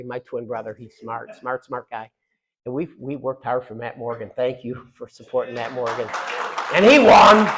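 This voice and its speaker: A middle-aged man giving a fiery political speech, loud and punchy with repeated lines and quiet asides. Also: mid-range voice, low-quality recording.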